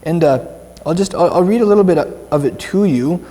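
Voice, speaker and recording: A man's voice: high voice, fairly quick, warm tone, in a large hall. A young Canadian man giving informal Bible teaching to a small group, chatty and rambling, with many restarts.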